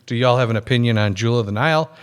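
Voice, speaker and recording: A man's voice: mid-range voice, very fast, smooth. Chuckling man reading listener mail. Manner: jokey, chuckles often while reading. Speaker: podcast co-host. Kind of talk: casual chat, reading listener emails aloud.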